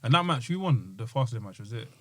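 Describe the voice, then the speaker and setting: Excitable fast-talking man, dry sound. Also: medium pitch, no echo. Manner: laughing, excitable, trails off mid-thought. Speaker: podcast co-host. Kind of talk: casual chat.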